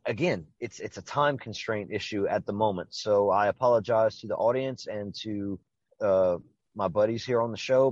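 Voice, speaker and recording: Man, podcast host, crude casual banter, profane jokes, mid pitch, dull dry recording. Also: no room sound. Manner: profane, joking, talks in quick bursts.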